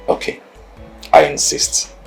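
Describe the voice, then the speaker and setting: A man's voice: slow, faint music behind, close to an everyday voice. An actor playing an anxious father who confides in his maid, in a film. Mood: worried. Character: worried widowed father, middle-aged man. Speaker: employer and father. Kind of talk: film acting.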